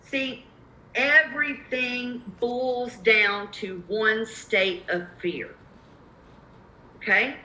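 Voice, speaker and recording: A woman's voice: on the high side, drawn-out words, sharp tone, echoey room, a little hiss or hum, poor audio. A woman with a Southern accent coaching real estate investors on cold calls in a live webinar, emphatic and repeating her key points.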